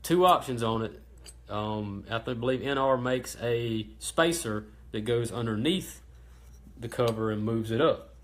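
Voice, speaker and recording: A man hosting a casual how-to livestream about engine parts, talking in a relaxed, chatty way with many ums and restarts. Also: mid-range voice, unhurried. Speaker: host of a racing parts livestream.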